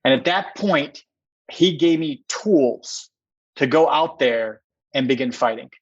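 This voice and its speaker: A man's voice: medium pitch, animated, takes it slowly. Earnest storytelling man, slightly dull audio. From Minneapolis, USA. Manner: earnest, repetitive restarts, emphatic. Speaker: podcast guest, entrepreneur. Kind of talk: personal storytelling interview.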